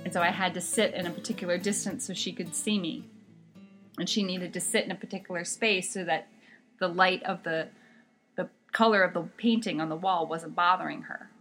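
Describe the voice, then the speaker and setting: Woman, lowish voice, interpreter, interview anecdotes, emphatic, animated, restarts sentences. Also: fairly quick, soft background music. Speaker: sign language interpreter. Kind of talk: recounting work stories in an interview.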